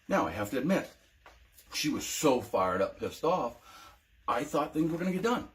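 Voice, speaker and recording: A man's voice: on the high side, big pitch swings, normal speed, pauses often, a bit bright, a little hiss or hum. Emotional, hesitant veteran man. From United States. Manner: emotional, hesitant, many ums and restarts. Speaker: veteran telling his own story. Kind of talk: personal testimony vlog.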